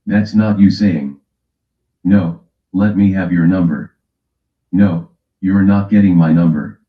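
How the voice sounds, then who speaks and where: A man's voice: sits low, reverberant, dull audio. A man hosting a livestream in casual chat, brash and teasing as he calls out people in his chat. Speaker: livestream host.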